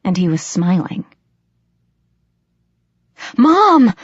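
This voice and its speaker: A woman reading a first-person audiobook in a measured, tense storytelling manner, in a dull, dry lo-fi recording. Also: fairly low pitch, no room sound. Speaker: audiobook narrator.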